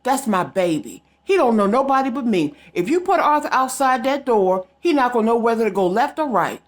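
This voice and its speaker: Emphatic woman vlogger, higher voice. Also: sing-song, fairly quick. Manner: emphatic, talks straight to viewers. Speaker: psychic vlogger. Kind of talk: casual storytelling to viewers.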